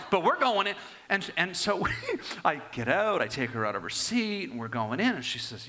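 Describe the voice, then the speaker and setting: An older man preaching a sermon and telling personal stories, swinging between raised and hushed delivery. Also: high voice, big pitch swings, normal speed.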